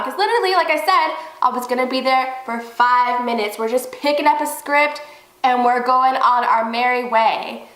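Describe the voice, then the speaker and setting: A young woman vlogger telling a story in a casual, animated way, swearing freely. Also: sits high, normal speed, reverberant, rough recording. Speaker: beauty vlogger.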